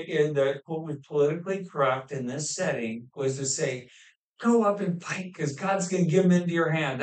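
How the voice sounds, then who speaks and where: A man preaching a sermon on a scripture passage, pausing often with fillers and restarts. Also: medium pitch. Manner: halting, with many fillers and restarts. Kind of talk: expository sermon. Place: church hall. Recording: echoey room, mic at a distance.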